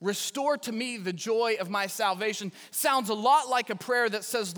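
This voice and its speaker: Guy pastor preaching, bright ringing voice, jokes at himself, big reverby church hall. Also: high-pitched, moderate pace, hardly any pauses. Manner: storytelling with self-deprecating humor. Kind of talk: sermon.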